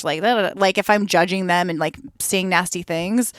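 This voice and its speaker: A woman podcast guest talks candidly, lively and quick to act out her own inner thoughts. Her voice sits on the lower side for a woman. The sound is dry and close, with no room echo. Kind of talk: candid conversational interview.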